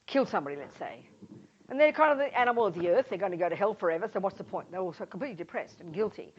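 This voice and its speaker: A woman's voice: mid-range voice, expressive, very fast. A Buddhist nun teaching a class in an informal, emphatic way, often acting out little scenes as she explains. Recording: dull lo-fi sound, faint noise.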